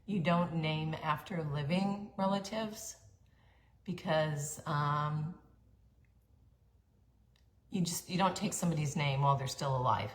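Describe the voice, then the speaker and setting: A middle-aged woman telling her life story in a chatty monologue, with fillers, throat-clearing and quick asides. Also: sits low. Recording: echoey room, faint background hum.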